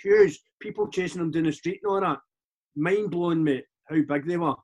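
A man in his forties with a Glaswegian accent, a guest chatting casually in a halting, rambling way with many restarts. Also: sits high, huge pitch swings, a little mellow. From Scotland. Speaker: podcast guest, DJ. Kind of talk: casual chat.

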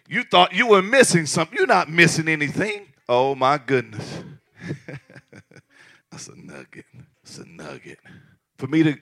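A male pastor preaching a passionate sermon, swinging from shouted lines to hushed asides. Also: a little high, vocal fry.

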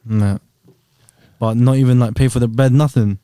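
A man's voice: mid-range voice, fairly even intonation, normal speed, warm tone, clean tone, no room sound. A man hosting a podcast in casual chat, teasing his guest and pushing back with challenging questions. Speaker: podcast host.

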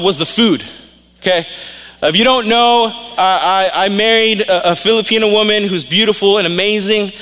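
Man, high-pitched voice, pastor, conversational storytelling sermon, long hall reverb. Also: pushed and bright, clean tone. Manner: conversational storytelling preacher, emotional. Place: church sanctuary.

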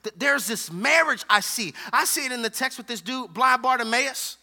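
A man's voice: very high voice, expressive, normal speed, bright, forceful tone. A male preacher delivering a sermon in an emphatic, repetitive style. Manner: emphatic, repetitive preaching with a call-and-response feel.

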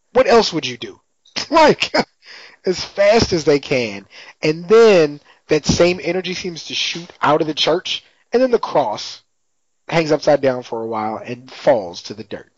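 A man's voice: on the high side, animated, normal speed, no room sound. A man in casual chat, retelling a TV episode in a laid-back, slangy way with frequent laughs. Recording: dry, slightly muffled lo-fi audio.

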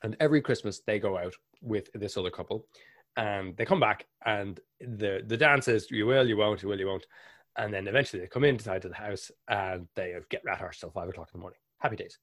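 A man with an Irish accent chatting casually on a podcast, telling stories and slipping into animated impressions. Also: on the low side, fairly quick, no room sound, studio quality. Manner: animated storyteller, bursts into lively impressions. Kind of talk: casual conversation.

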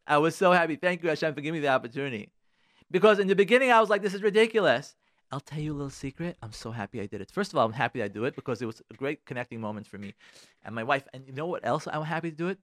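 An emphatic man talks quickly in a high voice on a radio show, repeating his points. The studio sound is dry and close. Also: a bit bright, dry recording. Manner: emphatic, repeats phrases, acts out quoted thoughts. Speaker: radio host giving marriage advice. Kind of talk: animated radio monologue.

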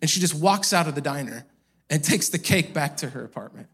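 Man, pastor, high-pitched, sermon, chatty storytelling, church. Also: animated, fairly quick, a bit bright, husky. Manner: conversational storytelling with casual fillers.

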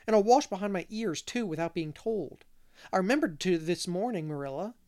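A man's voice: sits high, expressive, fairly quick, a little mellow, voice pushed up. A man voicing a chatty, mischievous little boy who rambles and keeps asking questions. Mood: eager.

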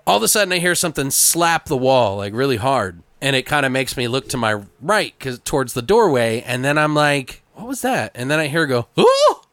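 A man hosting a podcast, telling a story in casual chat, animated and trying not to swear. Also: mid-range voice, fairly quick, hardly any pauses, dry recording. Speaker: podcast host.

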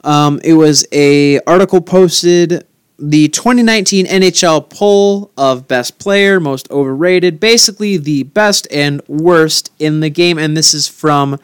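A man co-hosting a casual sports podcast, rambling and repeating himself when excited. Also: a little high, unhurried, clean tone, no echo, studio quality. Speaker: podcast co-host.

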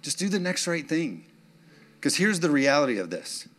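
A man's voice: on the high side, sing-song, moderate pace, fairly bright tone. A man delivering a sermon as a pastor, preaching conversationally and emotionally, with laughing asides to the congregation.

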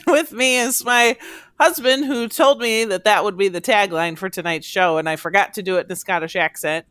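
A woman hosting a casual podcast with her husband, playful and quick to laugh. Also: medium pitch, no room sound. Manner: playful, giggly, animated. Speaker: podcast host. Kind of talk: casual chat.

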